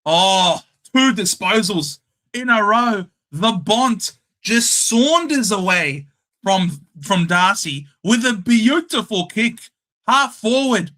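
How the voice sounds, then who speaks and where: A young Australian man hosting a casual live watchalong, calling the game and chatting with viewers, shouting at the big plays. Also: high-pitched. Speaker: live stream host.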